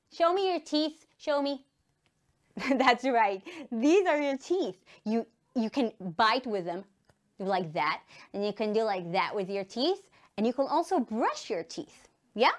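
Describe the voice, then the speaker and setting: In a studio, a woman with an Israeli accent and a slightly high voice teaches English to young children. She goes slowly and emphatically, enunciating words for them to repeat.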